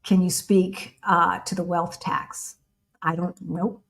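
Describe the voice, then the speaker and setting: A woman's voice: fairly low pitch, level tone, takes it slowly, fairly bright tone. An American woman hosting a casual livestream with her partner, chatting and answering viewer questions. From United States. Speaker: co-host of a livestream.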